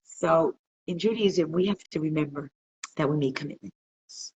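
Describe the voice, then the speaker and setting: A low-voiced woman, talking at a moderate pace, runs an interactive religious class in a community centre classroom. She narrates stories animatedly and asks her listeners questions, captured on a low-quality recording with slight background noise.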